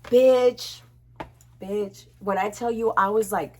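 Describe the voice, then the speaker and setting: A young woman chatting casually to her camera at home, expressive and chatty, swearing freely. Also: mid-range voice, slow pace. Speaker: beauty vlogger.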